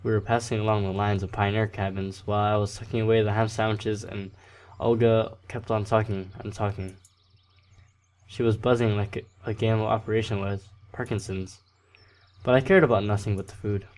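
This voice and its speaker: A man's voice: lowish voice, steady tone, moderate pace, a little mellow. Casual self-deprecating man reading a game. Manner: casual, self-deprecating, stumbles over words. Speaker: let's play host. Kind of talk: reading a visual novel aloud.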